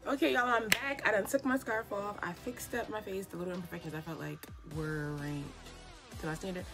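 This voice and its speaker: At home indoors, a young beauty vlogger does her makeup and keeps up a casual get-ready-with-me chat that's slangy and encouraging. Her medium-pitched voice is fairly even and fairly quick, and faint music plays behind her.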